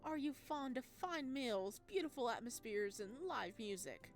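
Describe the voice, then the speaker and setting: A man's voice: very high voice, expressive, normal speed, soft background music. A woman voicing a flamboyant male restaurant owner in a put-on vaguely Italian accent, grandiose and flowery. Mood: effusive.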